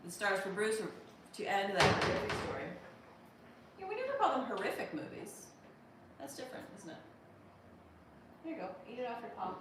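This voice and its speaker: A woman hosting a casual live stream, reading viewer comments aloud in an animated, chatty way and laughing often. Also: medium pitch, brisk, pauses often, distant mic. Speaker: livestream host. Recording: echoey room, voice off-mic, noisy.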